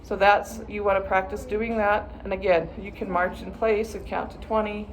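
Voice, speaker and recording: A woman speaks in a level, medium-pitched tone at ordinary speed while background noise carries on. As a viola teacher, she calmly leads her students through practice steps and at times chants words to mark the rhythm.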